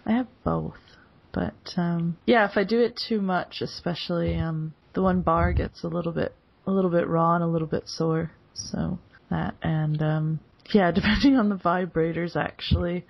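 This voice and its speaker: A woman's voice: on the low side, gravelly. A woman hosting a casual podcast chat, giggling and laughing often as she talks. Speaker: podcast host. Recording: dull lo-fi recording.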